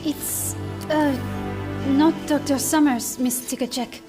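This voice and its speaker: A gentle young woman, high-voiced. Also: fairly even intonation, takes it slowly, music in the background. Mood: flustered. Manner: earnest, hesitant, gentle. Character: gentle young woman, kind, nervous, sincere. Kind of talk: video game cinematic drama.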